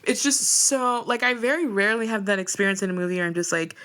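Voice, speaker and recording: Bright-voiced animated woman podcaster. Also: medium pitch, fast. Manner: animated, laughing, emphatic storytelling. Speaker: podcast co-host. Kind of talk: casual chat.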